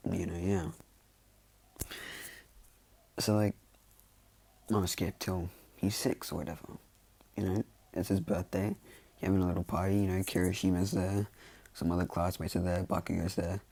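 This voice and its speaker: A man's voice: sits low, little pitch movement, normal speed, creaky, dark tone, husky. A man casually improvising a fan story, rambling with lots of fillers and self-corrections.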